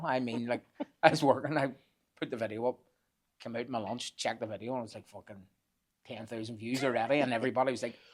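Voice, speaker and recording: A man, telling animated anecdotes as a podcast guest and swearing freely. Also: mid-range voice. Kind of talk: casual storytelling chat.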